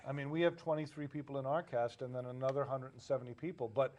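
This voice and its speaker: A man, a cast member guesting on a talk show, explaining things in a measured, matter-of-fact way. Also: medium pitch, fairly even intonation, darkish tone, lo-fi sound. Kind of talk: casual chat.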